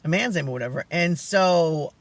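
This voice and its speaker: Soft feminine-sounding man, gravelly edge. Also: on the high side, moderate pace, no room sound. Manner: rambling, animated storytelling with many asides. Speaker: vlogger. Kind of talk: casual storytime chat.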